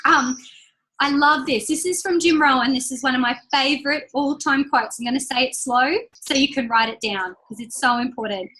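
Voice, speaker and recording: Upbeat woman leading a team call; high, bright voice; chatty motivator who repeats key lines slowly. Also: low-quality recording. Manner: chatty and personal, laughs between points. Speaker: team leader giving a training call. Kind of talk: motivational talk on a group call.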